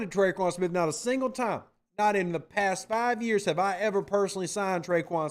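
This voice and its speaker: A man hosts a casual livestream podcast, reading the chat aloud and answering it. His voice sits fairly high, and he talks in an animated, playful way, teasing his viewers. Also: fairly quick, hardly any pauses.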